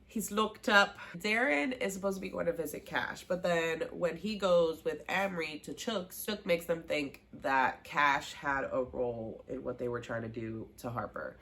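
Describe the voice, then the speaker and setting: In a fairly low-pitched voice, a woman recaps a season of TV for her vlog. Her style is casual and lively as she performs characters' dialogue and raves over the scenes she loves most.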